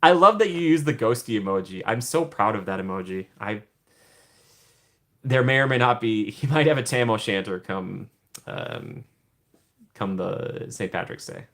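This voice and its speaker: A man's voice: on the low side, very animated, moderate pace, gravelly, fairly bright tone. A young man hosting a casual livestream from home, chatting with viewers in a rambling way, laughing often and trailing off. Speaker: livestream host.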